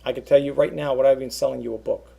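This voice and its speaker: Gravelly, husky man rambling at a webcam. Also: medium pitch, fairly even intonation, quick pace, mellow. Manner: rambling, repeats himself, earnest. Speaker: eBay seller vlogger. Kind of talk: casual webcam monologue.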